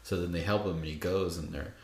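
A man's voice: low voice, fairly even intonation, fast talker, a little mellow, echoey room. A man in casual chat, rambling as he retells film scenes. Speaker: co-host discussing a film.

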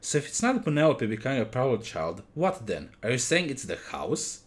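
A man's voice: medium pitch, very animated, brisk, natural voice. Man doing Bonathan, a snarky skeleton dad. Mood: mocking. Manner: mocking, dismissive. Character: grumpy dismissive skeleton dad.

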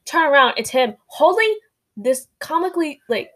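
A woman co-hosting a casual podcast, telling anecdotes in a rambling, animated way full of fillers. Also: high voice, moderate pace. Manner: rambling, animated storytelling with lots of "like". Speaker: podcast co-host.

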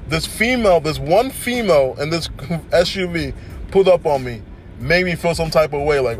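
Animated young man. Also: a little high, moderate pace, faint music behind. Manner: animated storytelling, frequent "you know what I'm saying". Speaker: podcast host. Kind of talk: casual solo podcast monologue.

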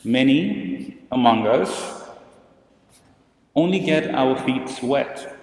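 A man's voice: medium pitch, animated, drawn-out words, a little mellow, echoey room, in a large hall, rough recording. A man preaching a sermon as a priest, telling stories and posing questions to the congregation in a church.

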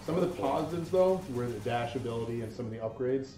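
A man hosting a casual gaming talk, explaining things in a relaxed way with lots of fillers. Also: mid-range voice, fast, soft background music. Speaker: podcast co-host reviewing a game. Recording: roomy room sound, mic at a distance.

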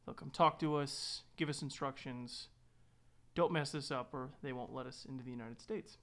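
A man's voice: medium pitch, moderate pace. A man who works as a tour guide and van driver, telling a story casually with frequent laughs and quoted dialogue. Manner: laughs often, relaxed, lots of restarts and quoted dialogue.

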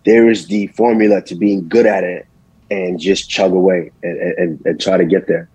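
A man born in Nigeria and raised in Texas, a champion fighter guest answering interview questions in a relaxed way, often repeating words as he thinks. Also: sits low, normal speed, slightly rough, no echo, poor audio.

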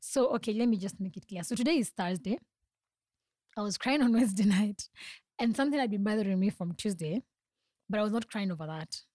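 Young woman, solo podcast host, confiding, middle pitch, dry close sound. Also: animated, fairly quick, pauses often, a little mellow, no echo. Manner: earnest and confiding, frequent laughs and restarts. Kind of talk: reflective solo podcast talk.

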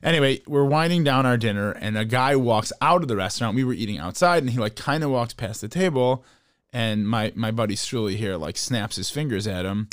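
A man co-hosting a casual chat podcast, an animated storyteller who restarts often and bickers playfully with his co-host. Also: mid-range voice, brisk, no room sound, studio quality.

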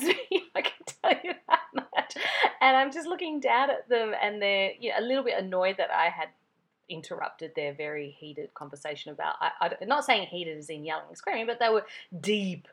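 A woman's voice: on the low side, fairly bright tone. A young woman with an Australian accent, hosting a casual podcast monologue and chatting through a story while calling her listeners guys. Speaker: podcast host.

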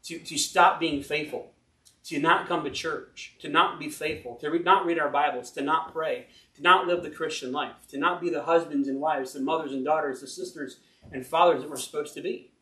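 A man's voice: fairly high pitch, fairly even intonation, moderate pace, bright, forceful tone, recorded from a distance. A man preaching an informal sermon, rambling and chatty, who breaks off to laugh at his own stories. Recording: roomy and from the mic.

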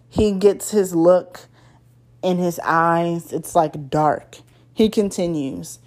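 A woman's voice: on the low side, slow, a little mellow. A woman reading a first-person story aloud in a casual, slangy storytelling way.

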